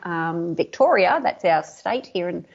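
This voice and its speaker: An Australian woman, a guest embroidery artist, telling a story in an animated way, laughing often and acting out what people said. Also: on the low side, unhurried, creaky, muffled recording. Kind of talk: podcast interview storytelling.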